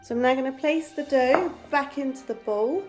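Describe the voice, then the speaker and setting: A woman's voice: sits high, moderate pace, music in the background. Chatty woman teaching home baking. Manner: encouraging, chatty, gets out of breath while kneading. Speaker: cooking show host. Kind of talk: home cooking demonstration.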